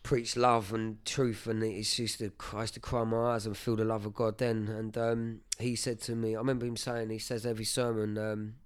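Man, 30s, podcast guest; low, even-toned voice; heartfelt, halting testimony. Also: smooth. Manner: earnest, emotional, halting with many fillers. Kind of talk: personal testimony, casual chat.

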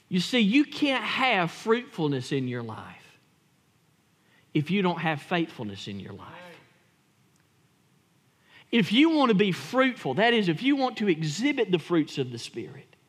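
A male pastor preaching with a notably high voice, moving from emphatic peaks to hushed asides. He tells stories as he preaches, and his voice trails off into a long church reverb. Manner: emphatic, storytelling, swings from loud to hushed. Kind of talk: sermon.

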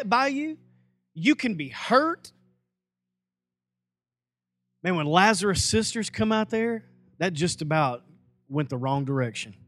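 A man preaching a sermon as pastor, lively, with folksy asides and acted-out quotes. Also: high-pitched, no echo, clean studio sound.

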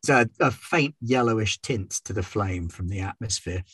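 A man running a tabletop game, describing the scene in a wry, relaxed way. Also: lowish voice, normal speed, husky, no echo. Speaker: game master.

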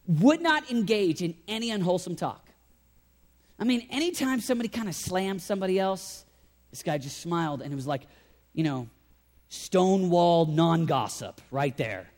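Animated high-voiced male preacher in a hall. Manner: animated, swings from loud emphasis to quiet intensity. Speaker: pastor. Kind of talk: sermon. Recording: long hall reverb.

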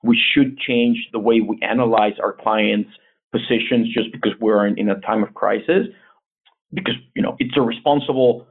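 Male guest, earnest advisory tone, husky voice over a tinny phone-quality line. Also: lowish voice, steady tone, normal speed. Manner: earnest, advisory, frequent restarts. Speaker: investment bank CEO, guest. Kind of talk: conversational interview answers.

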